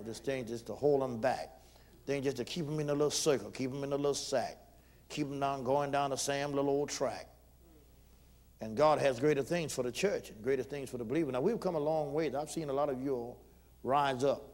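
A man preaching a sermon as pastor, leading call-and-response and swelling loud when he reads scripture. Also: medium pitch.

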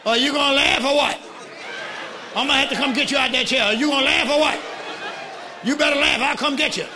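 A man pastor, preaching in shouts and leading the church in loud laughter during a live service. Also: very high voice, brisk. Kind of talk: shouted charismatic sermon. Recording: live church recording with loud crowd and noise. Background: congregation noise.

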